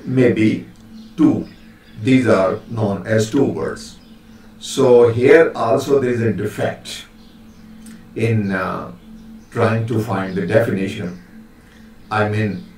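A man's voice: lowish voice, a little mellow, very echoey. Guy teaching phonetics, lots of uhs, sounds a bit far from the mic, faint hiss. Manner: slow, hesitant delivery with many fillers, demonstrating pronunciations. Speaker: linguistics lecturer. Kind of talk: recorded lecture.

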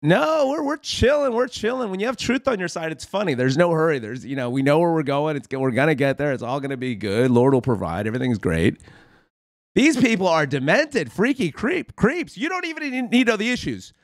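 Lively sarcastic male commentary host. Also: on the high side, a little fast, dry recording, clean studio sound. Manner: sarcastic, folksy, keeps calling viewers "friends". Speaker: host of a satirical commentary show. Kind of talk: mock-preachy political commentary.

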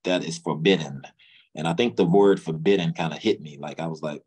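A man's voice: low-pitched, brisk, husky. A man from Memphis with a Southern accent, telling a long story in a casual interview, repeating words and acting out quotes. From Memphis, Tennessee, US. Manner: rambling, repeats words, acts out quotes in raised voice. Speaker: guest, music executive.

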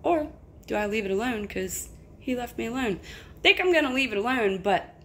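A woman's voice: fairly high pitch, lively intonation, a little fast, fairly bright tone, a little hiss or hum. Emphatic woman telling a personal story. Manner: candid, emphatic, swears freely. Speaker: vlogger. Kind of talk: casual storytelling to camera.

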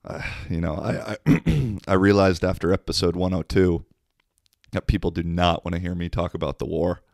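A laid-back American man hosts his podcast, telling casual stories full of swearing. His voice is low and deep. The sound is dry and close, with no room echo. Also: moderate pace, gravelly, darkish tone. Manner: profane, laid-back storyteller. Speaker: podcast host. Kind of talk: casual storytelling monologue.

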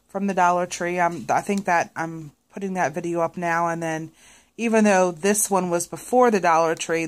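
A woman chatting casually to viewers in a craft vlog, rambling with many fillers and restarts. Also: fairly low pitch. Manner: animated when retelling a scene. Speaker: craft vlogger.

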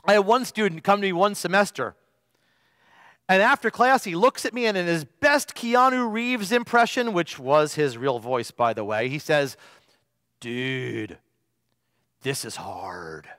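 A man's voice: high voice, normal speed, fairly bright tone, no room sound, studio quality, in a large hall. A male pastor preaching a sermon, telling stories with emphasis and stretching out the key phrases.

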